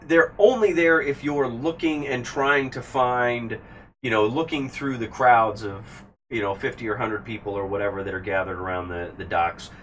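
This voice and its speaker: A man narrating a tabletop game as game master, describing scenes at length and pausing with fillers. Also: mid-range voice, fairly bright tone. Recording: distant mic, faint background hiss.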